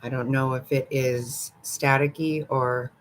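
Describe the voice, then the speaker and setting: An older woman hosts a casual livestream, chatting with viewers in an extremely low, steady voice at a measured pace, with a little hiss or hum on the recording. She's gossipy, giggles often and talks back to the chat.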